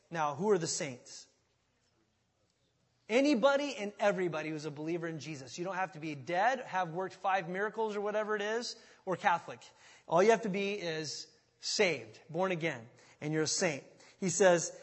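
A man's voice: sits high, big pitch swings, normal speed, slightly rough, big-room sound. A man preaching a sermon as a pastor, talking in a conversational way and often asking the congregation questions.

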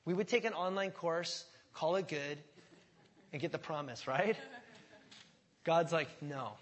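A man's voice: a little high, normal speed, a bit bright. A middle-aged man preaching a sermon as pastor, impassioned and often rising to emphatic outbursts.

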